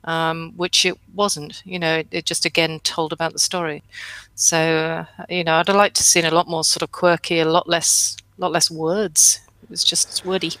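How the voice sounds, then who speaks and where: A woman guest on a publishing panel, giving a measured, apologetic critique of a manuscript. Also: low voice, level tone, a bit bright, no echo, poor audio.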